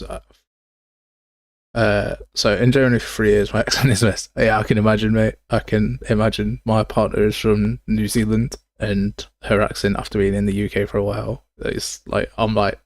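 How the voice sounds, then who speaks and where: A man's voice: on the low side, creaky, no echo. Young man, game dev streamer, casual and chatty, dry close mic. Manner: casual, chatty, answers chat, uses mate and pal. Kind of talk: live coding stream chat.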